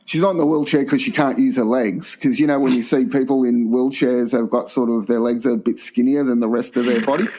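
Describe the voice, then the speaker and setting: A man's voice: medium pitch, steady tone, a little fast, few pauses, mellow. Blunt, profane man telling stories. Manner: profane, blunt, rambling anecdotes. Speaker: podcast co-host. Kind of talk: crude comedy storytelling.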